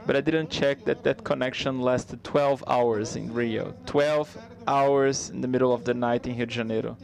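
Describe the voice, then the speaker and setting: A man giving a live spoken interpretation of a stand-up comedy set, conversational and halting, with frequent restarts. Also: mid-range voice, steady tone, vocal fry.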